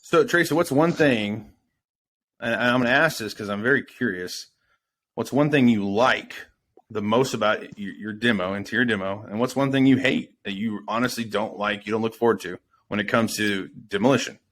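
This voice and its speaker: A man co-hosting a podcast in relaxed, casual chat, recounting conversations and asking questions. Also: on the low side, normal speed, a little hiss or hum. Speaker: podcast co-host.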